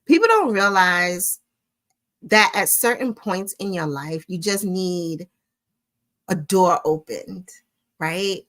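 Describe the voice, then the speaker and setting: A woman's voice: lowish voice, takes it slowly, long pauses. A middle-aged woman hosting a weekly live stream, telling stories in a casual chat and talking straight to her viewers. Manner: animated storytelling, warm address to viewers ("y'all"). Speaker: host of a weekly crochet livestream.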